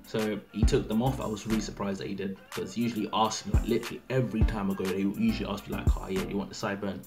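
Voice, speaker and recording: A man's voice: on the low side, level tone, very fast. An eighteen-year-old man chatting casually to camera, rambling and full of fillers. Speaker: vlogger. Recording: music playing loudly behind.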